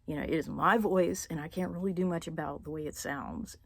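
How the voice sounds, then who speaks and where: A woman vlogging about her feelings, halting with many fillers and dropping into whispers as she holds back tears. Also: low voice, fairly even intonation, creaky, dry recording. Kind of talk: personal confessional vlog.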